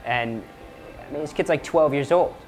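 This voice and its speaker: A man's voice: a little high, moderate pace, soft background music. A man and moped club member speaking in a casual interview, conversational and explaining.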